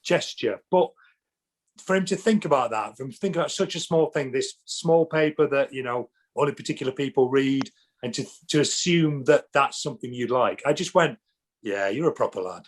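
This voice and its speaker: A man with a Yorkshire accent, a guest on a podcast, telling lively anecdotes and acting out what people said. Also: mid-range voice, moderate pace. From England. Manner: animated, laughing, acts out quotes. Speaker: actor guest. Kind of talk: anecdotal storytelling.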